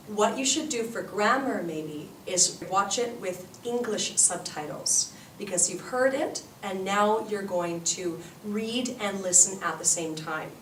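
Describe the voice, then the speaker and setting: A woman's voice: medium pitch, a bit bright. A woman with a Canadian accent, an English teacher giving encouraging advice to students and demonstrating sentences. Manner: encouraging, demonstrates sentences slowly then fast. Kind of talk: orientation talk to students. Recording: roomy echo, far from mic, faint noise.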